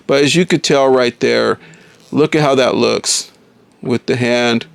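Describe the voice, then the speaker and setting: A man's voice: mid-range voice, fairly even intonation, unhurried, gravelly, clean tone, dry recording. A man casually reviewing a toy figure, enthusiastic and often calling viewers folks.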